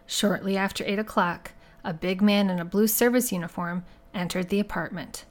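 A woman reading a first-person crime story aloud in measured, even scripted narration. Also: mid-range voice. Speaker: audiobook narrator.

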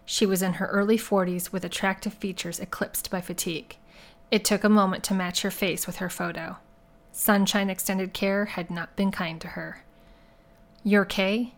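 A woman reading a first-person crime story aloud in measured, even scripted narration. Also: medium pitch. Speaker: audiobook narrator.

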